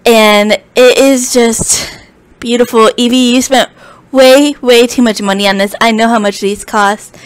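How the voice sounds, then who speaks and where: A woman speaks in a slightly high voice. She is close to tears, thanking her friends in a gushing, grateful way, like a casual home vlog. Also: steady tone, unhurried, smooth, no echo. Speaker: book vlogger. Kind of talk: emotional thank-you vlog.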